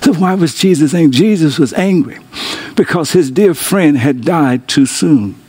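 A man preaching a sermon as pastor, calling on his online congregation to respond and swinging between soaring exclamations and low, intimate tones. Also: expressive, normal speed, darkish tone, slightly rough.

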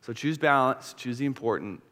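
Male pastor, 30s, mid-pitched, candid storytelling sermon; recorded in a large church hall with long reverb. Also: normal speed. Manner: candid, animated storytelling with confessional asides.

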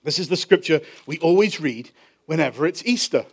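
A man with an English accent, a pastor telling a story in a sermon, animated and drawing out key phrases slowly for emphasis. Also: a little high, gravelly. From England.

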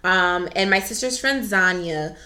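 A woman podcast co-host telling a story in casual chat, animated and laughing as she acts out what people said. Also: lowish voice, a little slow.

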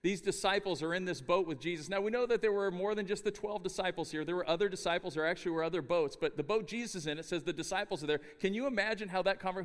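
Middle-aged man, chapel sermon, somewhat high voice, animated storytelling, long hall reverb. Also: quick pace. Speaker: chapel speaker. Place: university chapel.

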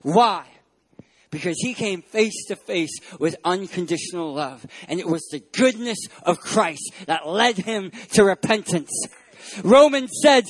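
A male pastor preaching a sermon at a church service, emphatic, swinging between loud and hushed delivery. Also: high-pitched, animated, a little slow.

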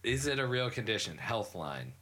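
A man's voice: mid-range voice, sing-song, normal speed, sharp tone. A man hosting a podcast, chatting casually, laughing and swearing, skeptical. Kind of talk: casual chat.

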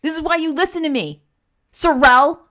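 A woman's voice: high voice, normal speed, bright, forceful tone, voice pushed up. A woman voicing a cranky, controlling adventurer who scolds her companion sharply. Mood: scolding.

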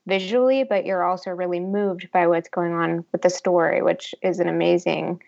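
A woman's voice: lowish voice, steady tone, moderate pace, gravelly, a little mellow, dull audio. A woman appearing as a podcast guest, sharing thoughtful views on a film in casual conversation. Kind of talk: casual film review chat.

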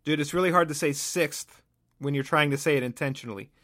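A man's voice: fairly high pitch, a little fast, a bit bright. A man hosting a podcast, rambling through a sardonic solo comic monologue and often cutting himself off mid-thought. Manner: rambling, sardonic, self-interrupting. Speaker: podcast host.

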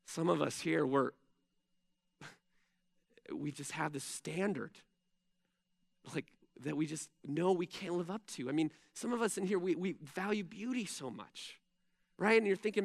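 A man preaching a sermon as pastor, conversational, swinging between loud emphasis and hushed intensity. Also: sits high, a little slow, gravelly, long pauses. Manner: conversational asides with "right?" and "like".

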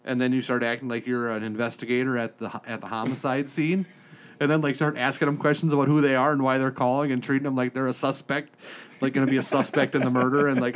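A man co-hosting a podcast in a studio, telling a story with lively back-and-forth, acting out both sides of a phone call. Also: medium pitch, a little fast. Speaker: podcast co-host. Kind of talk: casual chat.

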